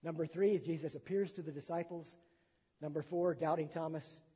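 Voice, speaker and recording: Man preaching, very husky mellow voice, long church echo, dull sound. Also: fairly high pitch, steady tone, fairly quick. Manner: retells scripture in plain words with asides. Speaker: pastor. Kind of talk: sermon with gospel reading. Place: church sanctuary.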